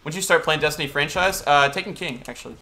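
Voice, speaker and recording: A man's voice: on the high side, quick pace, pushed and bright. A young man streaming a video game, chatting casually and greeting viewers and answering chat as he plays.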